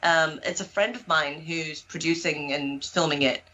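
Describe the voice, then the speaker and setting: Woman w/ a mixed south african british american accent, bright voice, chatty storyteller, bit of faint noise behind. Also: low-pitched, moderate pace, highs cut off. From born in Zimbabwe, raised in South Africa and Greece. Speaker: guest paranormal investigator. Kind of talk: casual chat on a live show.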